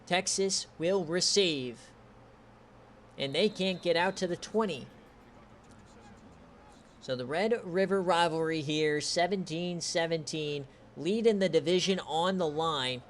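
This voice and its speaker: A man giving excitable, profane play-by-play of a streamed online football game, his voice strained from shouting. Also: takes it slowly, a little hiss or hum. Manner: swings from shouted calls to low, relaxed chatter. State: straining voice, says he is losing it.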